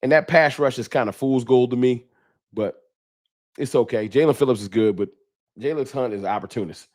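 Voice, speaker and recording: A man hosting a fan livestream, talking trash in a preachy, animated way and reading viewer chats aloud. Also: mid-range voice, a little fast. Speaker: sports fan show host.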